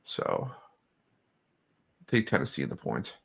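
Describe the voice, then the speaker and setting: A man's voice: sits low, big pitch swings, slow pace, vocal fry, slightly rough. A man co-hosting a betting show, talking through picks with hesitant fillers. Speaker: co-host. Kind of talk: casual sports betting chat.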